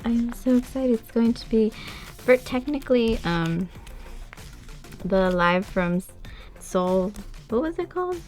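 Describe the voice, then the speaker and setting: Gushing young woman in slow casual chat. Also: fairly high pitch, faint music behind. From United States. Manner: chatty and gushing, with laughs and excited gasps. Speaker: vlogger.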